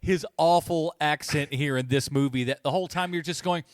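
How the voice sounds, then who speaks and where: A man's voice: a little high, fairly quick, dry recording, studio quality. A man co-hosting a casual movie podcast, joking and slipping into mocking voices. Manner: animated, mocking voices in quotes. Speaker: podcast co-host.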